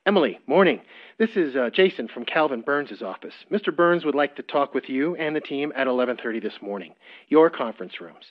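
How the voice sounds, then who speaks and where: A man's voice: medium pitch, animated, brisk, voice pushed up, natural voice. A man voicing a curt, businesslike male office staffer on a phone call.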